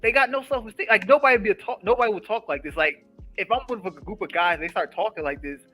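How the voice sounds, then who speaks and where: A man in casual chat on a podcast, talking quickly and animatedly, filling his speech with "like" and "yo" and acting out his own asides. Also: high-pitched, soft background music. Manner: rapid, animated, full of "like" and "yo" with acted-out asides.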